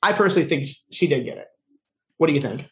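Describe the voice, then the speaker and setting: A man talks quickly and loosely in a casual podcast recap, piling up fillers and acting out what characters said. His voice sits a little higher than most men's. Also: lively intonation, a bit bright. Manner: rapid, filler-heavy retelling, acting out quoted lines. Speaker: podcast co-host.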